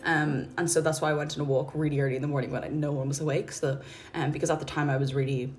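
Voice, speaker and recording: A woman's voice: deep voice, steady tone, fast. A woman hosting a podcast, talking through her thoughts in a rambling, earnest way with lots of "like" and "um". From Ireland. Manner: rambling, heavy use of "like" and "um", gentle and earnest. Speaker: podcast host. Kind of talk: casual reflective podcast monologue.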